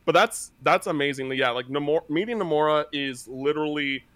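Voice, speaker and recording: A man co-hosting a gaming podcast, rambling like an excitable fan, often restarting his sentences. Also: a little high, fairly quick, no echo. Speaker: podcast co-host. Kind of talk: casual chat.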